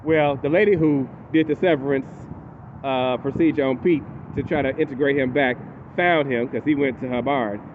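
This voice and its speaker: A man's voice: medium pitch, moderate pace, noisy background. A man animatedly recapping a TV episode in casual speech, acting out the characters as he goes. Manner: animated, acts out characters in quotes. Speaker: TV recap host. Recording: tinny phone-like audio.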